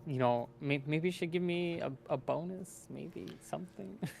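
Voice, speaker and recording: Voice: mid-range voice, normal speed, vocal fry, a little mellow, a little hiss or hum. Rambling player in a tabletop game. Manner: rambling, laughing often. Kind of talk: casual tabletop game chat.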